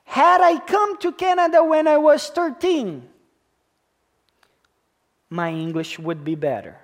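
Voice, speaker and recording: A man in his thirties preaching slowly and deliberately to his congregation, with a foreign accent from speaking English as a second language. He leans on key words, repeats them, and checks in with the listeners as he goes. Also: extremely high pitch, expressive. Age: 30s. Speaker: pastor. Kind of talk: sermon.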